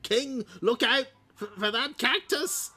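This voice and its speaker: A man's voice: on the high side, animated, a little slow, a bit bright, full character voice. A man voicing a cartoon Luigi, a nervous younger plumber brother, in an exaggerated cartoon voice. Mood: alarmed. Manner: exaggerated cartoon voice, yelping warnings.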